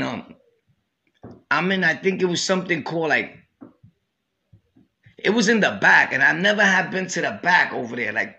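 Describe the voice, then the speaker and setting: Gravelly New York man telling stories. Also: fairly high pitch, bright, forceful tone. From Brooklyn, New York. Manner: streetwise slang, repeats "you know what I'm saying". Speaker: podcast host. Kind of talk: storytelling.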